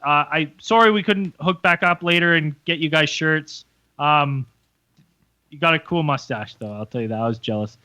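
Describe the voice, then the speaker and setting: A man with a high, bright voice co-hosts a podcast with his friends. He retells stories in a loose, swearing, animated way. The sound is close and dry, with no room in it. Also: moderate pace, no room sound, lo-fi sound. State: hungover. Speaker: podcast co-host. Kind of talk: casual storytelling among friends.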